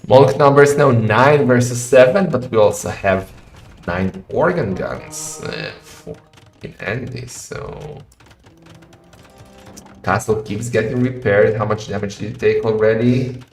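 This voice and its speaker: A man casting a live strategy game match in a chatty style that rises to excited shouting in fights. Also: on the low side, a little slow, gravelly. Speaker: game caster. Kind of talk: live esports commentary. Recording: roomy echo with faint music.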